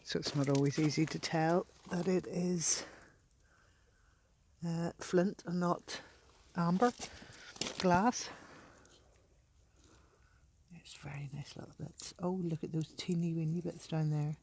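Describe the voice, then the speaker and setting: A woman talks slowly and gently as she beachcombs, often slipping into soft delighted murmurs and near whispers. She is recorded outdoors by the sea on a camera she carries, with faint noise behind her. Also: lowish voice, steady tone. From Northern Ireland. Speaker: beachcombing vlogger. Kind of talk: casual narration while walking.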